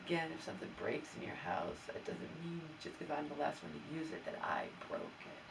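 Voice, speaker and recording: A woman's voice: low voice, sing-song, a little fast, creaky, distant mic, background noise. A woman vlogger venting her grievances in an aggrieved, exasperated way, stammering and restarting as she talks. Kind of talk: venting personal vlog.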